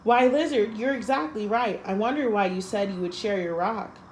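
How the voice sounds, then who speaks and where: A woman's voice: medium pitch, normal speed, darkish tone, slight background noise, lightly acted, low-quality recording. A woman voicing an irritable, hungry male snake in a spoken animal fable, sounding slightly impatient.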